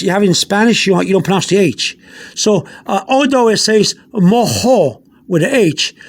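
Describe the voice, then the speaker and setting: Man, high voice, language teacher, halting, repetitive, spells letters aloud. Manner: halting, repeats words, many fillers; explains slowly and spells out letters. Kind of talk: informal language lesson.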